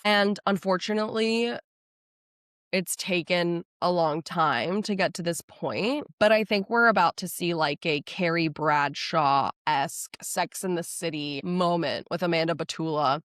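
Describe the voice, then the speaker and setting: A young woman hosting a casual solo podcast, gushing and animated, chatting with lots of likes. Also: lowish voice, dry recording, studio quality. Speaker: podcast host. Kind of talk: casual solo podcast chat about astrology.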